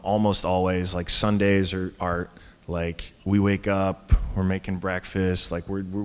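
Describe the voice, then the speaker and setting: A man telling a story on a conference stage in a casual, chatty way, full of fillers and restarts. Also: sits low. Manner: chatty, lots of fillers and restarts, laughs at his own story. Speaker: panel guest. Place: conference stage before an audience. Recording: hall reverb from a live stage.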